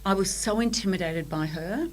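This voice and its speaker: A middle-aged Australian woman with an Australian accent, guest on a podcast, telling her story in animated casual chat and acting out quotes. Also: mid-range voice, normal speed, a little hiss or hum, poor audio.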